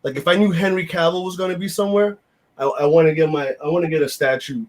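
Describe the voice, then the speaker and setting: A man's voice: on the high side, fairly even intonation, quick pace, a little mellow. A man, hosting a casual podcast chat in a blunt, rambling, profane way with lots of fillers. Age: 50s. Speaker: podcast host.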